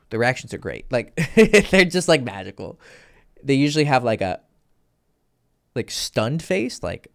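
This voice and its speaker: A man with a gravelly, fry-edged voice gives dating advice in a loose, casual style. He is blunt and profane. He keeps acting out little exchanges between himself and a woman. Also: mid-range voice, big pitch swings, normal speed. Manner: blunt, profane, acts out both sides of conversations. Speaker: dating coach. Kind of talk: casual instructional talk.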